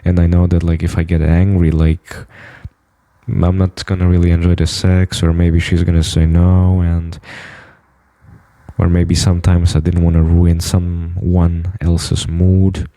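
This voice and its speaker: A man's voice: deep voice, completely flat delivery, measured pace, warm tone, no room sound. A man in a boastful, blunt, profane monologue to camera. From United States. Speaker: vlogger.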